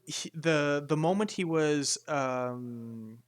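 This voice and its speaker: A man running a tabletop game as game master, explaining the scene in a halting way with many restarts. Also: a little high. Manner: halting, full of fillers and restarts.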